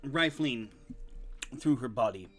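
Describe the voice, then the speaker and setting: Slow, lively-voiced man game master. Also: medium pitch. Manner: meandering, with many fillers. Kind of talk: tabletop game narration and player chat. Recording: faint music behind.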